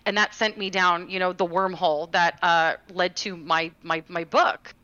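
A woman's voice: on the low side, steady tone, moderate pace, sharp tone, dry recording, muffled recording. A woman co-hosting a gaming podcast, telling a personal story in a chatty way with many fillers and restarts. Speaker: podcast co-host. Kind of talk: casual chat, storytelling.

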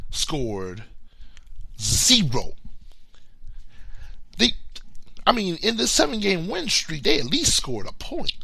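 Animated man with a gravelly voice. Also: a little high, no echo. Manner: animated, playful trash talk; repeats words when starting sentences. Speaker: podcast co-host. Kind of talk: casual sports talk.

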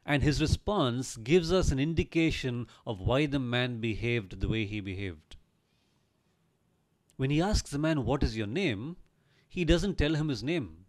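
A man's voice: medium pitch, animated, a little slow. Earnest male Bible storyteller. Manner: storytelling with rhetorical questions. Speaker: Bible teacher.

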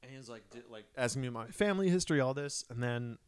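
A man's voice: medium pitch, animated, quick pace, clean tone. A young man co-hosting a podcast, telling a long, profane story with lots of quoted dialogue in casual chat. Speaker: podcast co-host. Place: New York City.

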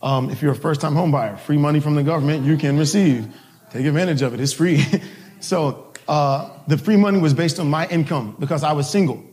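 A man's voice: on the high side, brisk, darkish tone. A male pastor telling a personal story in a sermon, casual and laughing, with many restarts. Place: church service.

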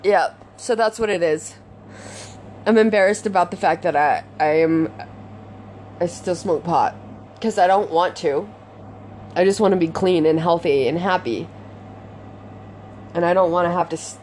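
A woman's voice: lowish voice, warm tone, a little hiss or hum. Frustrated young woman ranting with constant swearing. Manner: frustrated, rambling, heavy swearing, frequent "like". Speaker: podcaster venting to her audience. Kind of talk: unscripted confessional vlog.

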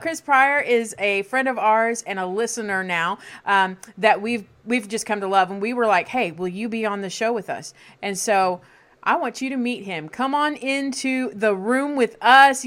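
A woman's voice: fairly high pitch, moderate pace, fairly bright tone. A woman co-hosting a podcast, bubbly and enthusiastic as she introduces a guest. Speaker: podcast co-host. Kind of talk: casual podcast chat.

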